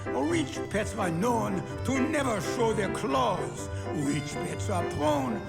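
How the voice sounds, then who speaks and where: A man's voice: high-pitched, big pitch swings, slow pace, creaky, over loud music, full character voice. A man doing a suave French crooner. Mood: charming. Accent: put-on French. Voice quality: sung, lilting and theatrical. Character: suave older male French crooner singing. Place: recording studio.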